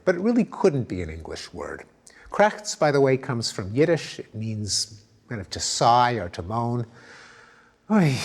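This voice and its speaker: Middle-aged male lecturer, mid-pitched, very animated intonation, explanatory. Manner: explanatory, demonstrates sounds aloud; lively, emphatic intonation. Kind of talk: recorded academic lecture.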